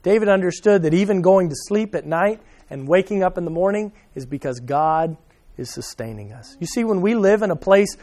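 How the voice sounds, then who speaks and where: Male pastor with a high voice, preaching with questions to the congregation, shifting between loud emphasis and soft asides. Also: lively intonation, brisk. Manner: addresses listeners by name, asks questions; swings from loud emphasis to quiet, soft remarks. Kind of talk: sermon.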